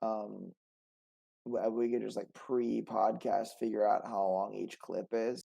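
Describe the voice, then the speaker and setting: A man's voice: lowish voice, little pitch movement, unhurried, vocal fry, warm tone, poor audio. A man co-hosting a podcast over a call, chatting casually and rambling with lots of "like". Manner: rambling, many "like" fillers. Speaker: podcast co-host. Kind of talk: casual chat. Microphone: remote call.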